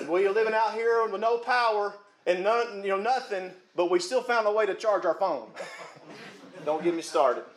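A man preaching a sermon with fervour, rising to shouts at his peaks and chuckling between points. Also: high-pitched, normal speed, echoey room, background noise.

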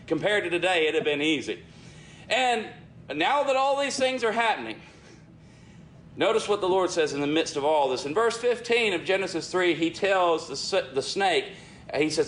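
A man preaching a sermon in an earnest way, often calling his listeners friends and dropping his voice low for emphasis. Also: lively intonation, normal speed, fairly bright tone, a little hiss or hum.

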